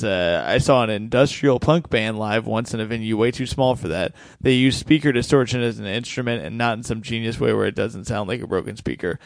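A man's voice: on the low side, vocal fry, dry recording, clean studio sound. A man hosting a podcast in casual chat, joking and swearing as he reads listener comments aloud. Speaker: podcast host.

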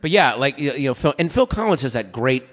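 A middle-aged man chatting casually, telling stories and acting out quotes, with a dry voice and frequent throat-clearing. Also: mid-range voice, quick pace, long reverb tail. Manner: animated storyteller, acts out quotes. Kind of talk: casual chat.

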